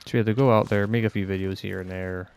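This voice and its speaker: A man's voice: fairly low pitch, steady tone, fast talker, darkish tone, clean tone. A Scottish man ranting bluntly and rambling on a casual podcast, swearing heavily and sounding fed up. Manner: exasperated, fed-up. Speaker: podcast host.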